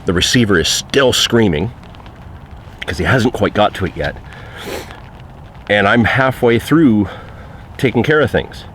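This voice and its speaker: Deep-voiced man telling a fishing story. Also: animated, unhurried, pauses often, a bit bright, slight background noise. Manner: conversational, frequent fillers. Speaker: angler recounting a trip. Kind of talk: casual spoken anecdote.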